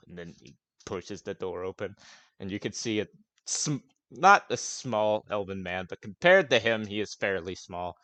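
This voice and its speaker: A man's voice: fairly low pitch, lively intonation, normal speed, fairly bright tone, no echo. A man narrating casually as game master of a tabletop game, often swearing.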